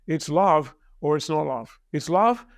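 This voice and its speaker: Deliberate older man, dry sound. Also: on the high side, lively intonation, creaky, no echo. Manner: deliberate, emphatic teacherly delivery with slowed key phrases. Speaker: success coach guest. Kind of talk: podcast interview storytelling.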